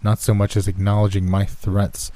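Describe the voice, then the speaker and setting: A man narrating a first-person horror story in a steady, scripted storytelling manner. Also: lowish voice, moderate pace.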